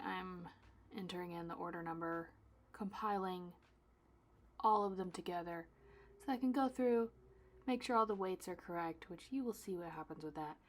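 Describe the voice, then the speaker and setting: A young woman artist chats casually in a vlog while packing her own orders, dramatic and self-deprecating. Her fairly low voice jumps between loud bursts and soft asides.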